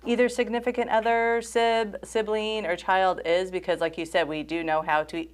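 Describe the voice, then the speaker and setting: A woman's voice: medium pitch, level tone, normal speed. A woman co-hosting a casual podcast chat, talking in a hedging, chatty way. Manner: chatty, hedging, with many affirming murmurs.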